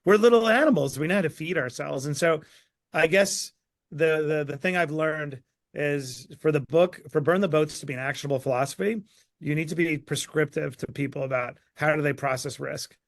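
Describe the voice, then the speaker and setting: A man speaking as an author guest in a live online Q&A, energetic and emphatic. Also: fairly high pitch, moderate pace, no echo.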